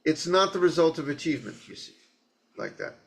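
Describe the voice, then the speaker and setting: A Zen teacher from the New York area giving a conversational dharma talk with joking asides. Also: male voice, on the high side, sing-song, fairly quick, gravelly.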